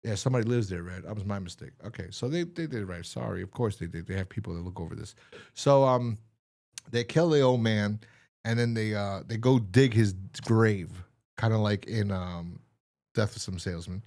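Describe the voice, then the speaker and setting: A man's voice: on the low side, a little fast, creaky. A man co-hosting a podcast, casually reviewing and recapping a story with lots of fillers. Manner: rambling, lively, many fillers. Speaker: podcast co-host.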